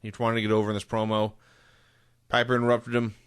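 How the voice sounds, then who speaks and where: A man's voice: lowish voice, monotone, fast, smooth, no room sound. A man co-hosting a podcast, chatting casually in a dry, matter-of-fact way. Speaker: podcast co-host. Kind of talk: casual chat.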